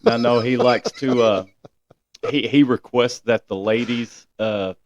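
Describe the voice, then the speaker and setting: A man's voice: mid-range voice, fairly even intonation, measured pace, a little hiss or hum. A man guesting on a podcast, laid-back and slangy, often calling people dude. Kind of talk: casual podcast chat.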